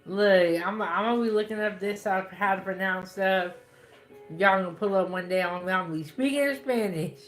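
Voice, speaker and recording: A woman's voice: mid-range voice, moderate pace, soft background music. A woman hosting her cooking channel, chatting casually and playfully, laughing at herself and tired after eating. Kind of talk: casual chat to camera.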